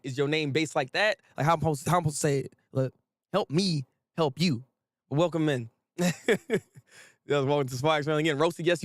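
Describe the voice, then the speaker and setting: Dude ranting about anime to his chat, high voice, laughs a lot, keeps repeating himself. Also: no echo, studio quality. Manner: animated, repetitive, laughs often, swears casually. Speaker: anime commentary host. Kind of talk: casual ranting commentary with live chat.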